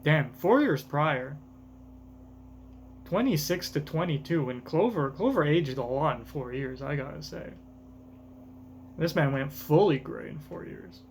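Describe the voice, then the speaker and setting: A man's voice: on the high side, animated, measured pace, vocal fry, pauses often, a little hiss or hum. A young man thinking aloud in casual reaction commentary, rambling with lots of fillers. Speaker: manga reaction host.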